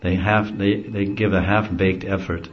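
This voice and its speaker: A man's voice: low voice, level tone, measured pace. A middle-aged man, a spiritual teacher, giving an easygoing devotional talk and chuckling often as he explains. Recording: dull lo-fi recording.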